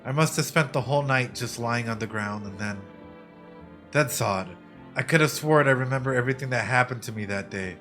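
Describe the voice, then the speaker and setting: A man voicing a scared young survivor in a game, telling a story in a shaken, hushed way. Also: medium pitch, brisk, faint music behind, pitched below the performer's own voice, close to an everyday voice. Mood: panicked. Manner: hushed and shaken, then pleading and panicky. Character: young frightened survivor recounting an escape.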